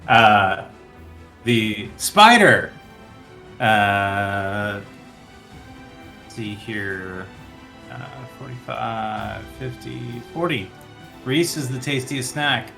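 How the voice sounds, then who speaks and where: A man running a tabletop game as game master, counting out the monster's moves in an unhurried way. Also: on the low side, lively intonation, vocal fry, sharp tone, faint music behind.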